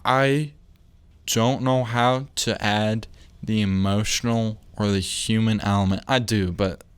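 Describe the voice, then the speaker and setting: A young man talking casually on his own podcast, rambling, losing his train of thought and joking along the way. His voice is lowish and smooth, recorded close and dry. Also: steady tone, slow, no room sound. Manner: rambling, self-interrupting, jokey. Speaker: podcast host.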